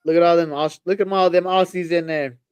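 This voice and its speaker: A man's voice: on the high side, quick pace, clear, resonant tone, no echo. A man co-hosting a live fight watch-along stream, chatting casually, swearing and calling people bro. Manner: animated, says bro a lot, swears freely.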